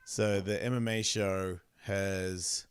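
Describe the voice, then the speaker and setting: Deep and clean-toned, the man talks slowly with little variation in pitch. As a podcast host in loose conversation, he meanders, curses, and frequently loses his thread.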